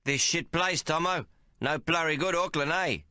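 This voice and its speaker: A man's voice: on the high side, moderate pace, sharp tone, dry recording, clean studio sound, pitched above the performer's own voice. A man reading an audiobook, voicing a good-natured male whaleman who speaks in short, broken pidgin phrases. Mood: friendly. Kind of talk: audiobook character voice.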